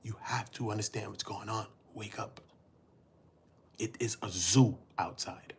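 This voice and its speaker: A man's voice: on the low side, steady tone, a little slow, vocal fry. A man hosting a casual livestream, talking in heavy street slang, cursing, preaching and addressing his chat directly. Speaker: livestream host.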